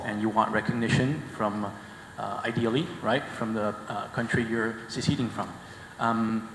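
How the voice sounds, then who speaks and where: Low-voiced man asking a hesitant question. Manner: hesitant, many fillers, earnest. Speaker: audience member asking a question. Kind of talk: conference Q&A. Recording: echoey hall, faint background noise.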